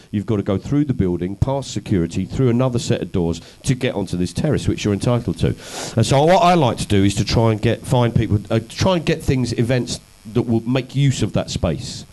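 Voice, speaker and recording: Male guest, low warm voice, wry anecdotal storyteller. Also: rough recording. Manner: anecdotal, wry, self-deprecating. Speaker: comedian and activist guest. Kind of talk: conversational storytelling interview.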